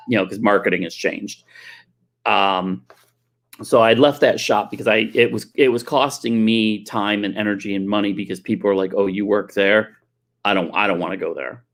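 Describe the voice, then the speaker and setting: A man's voice: fairly low pitch, a bit bright. A middle-aged man, a tattoo artist, telling a rambling, profane anecdote in casual storytelling style.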